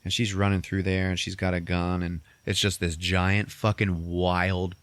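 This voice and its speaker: Male podcast host, deep voice, dry sound, animated profane storyteller. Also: normal speed, dry recording. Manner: animated storytelling, swearing, acting out characters in squeaky voices. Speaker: podcast host recapping a movie. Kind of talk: casual chat.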